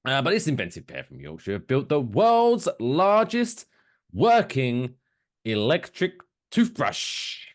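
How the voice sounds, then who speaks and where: A man's voice: medium pitch, wildly swooping pitch, slow pace. A man co-hosting a casual podcast, sarcastic and swearing freely, joking about the news. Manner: sarcastic, swearing, does silly voices. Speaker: podcast co-host.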